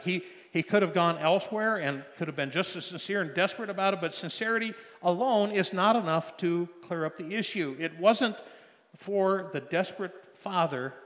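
A middle-aged man preaching a sermon, telling a personal story with emotional swings from loud pleading to soft hushed tones. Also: a little high. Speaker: pastor. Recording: long hall reverb.

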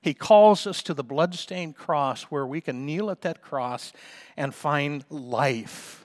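A middle-aged man preaching a sermon, fervent and emphatic, slowing down to stretch key phrases and rising to loud peaks. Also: a little high. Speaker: pastor.

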